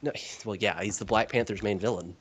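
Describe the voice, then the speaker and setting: A man chatting casually on a podcast, opinionated and excitable. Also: fairly low pitch, brisk, breathy edge.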